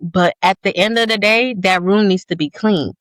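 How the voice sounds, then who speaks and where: A woman's voice: medium pitch, dry recording. Blunt, profane woman on a podcast. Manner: blunt, profane, talks fast in long stories. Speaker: podcast co-host. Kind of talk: casual chat.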